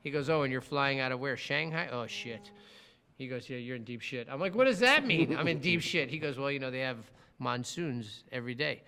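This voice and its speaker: A middle-aged man hosting a podcast, telling a travel story in casual chat, animated, swearing often and acting out what people said. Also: mid-range voice, a little fast, clean tone. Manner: animated, swears a lot, acts out quotes. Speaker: podcast co-host.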